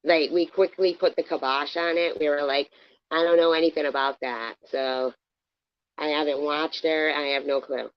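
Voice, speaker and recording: A low-pitched woman tears into a caller on her livestream, swearing and mocking. Her voice comes through dull and lo-fi, in a dry space with no room sound. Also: steady tone, normal speed, clear, resonant tone, no echo. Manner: cursing, combative, mocking. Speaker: livestream host. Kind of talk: heated livestream argument.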